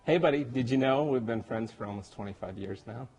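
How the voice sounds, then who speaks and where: A man recording a heartfelt, halting birthday message to his best friend, getting emotional and joking at himself. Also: medium pitch, a little mellow, muffled recording, faint music behind. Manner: emotional, halting, self-deprecating. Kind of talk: personal video message. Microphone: camera.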